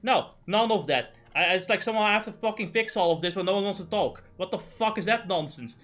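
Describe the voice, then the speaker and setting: A man's voice: high voice, fast, a bit bright. A man streaming a game and ranting in casual, profane, exasperated chat.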